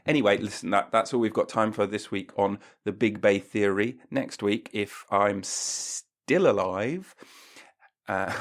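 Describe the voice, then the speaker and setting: A man hosting a comedy podcast, ranting in a mock-pompous way and breaking into silly voices. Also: lowish voice. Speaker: podcast host.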